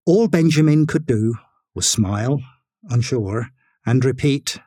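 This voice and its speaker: A male storyteller reading a story aloud at a slow, measured pace. His pitch moves expressively while his delivery stays steady. The sound is dry and close, with no room echo. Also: breathy edge. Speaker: narrator. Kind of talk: scripted storybook narration.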